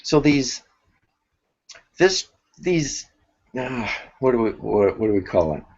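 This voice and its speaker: A man teaching a spiritual workshop, thinking aloud with many restarts and pauses. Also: medium pitch, sing-song, a little mellow, lo-fi sound.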